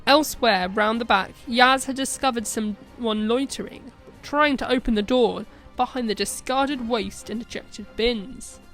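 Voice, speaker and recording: A woman reads a short fan story aloud, steady and plain in her narration. Her voice sits a little higher than most. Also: measured pace, few pauses, faint music behind.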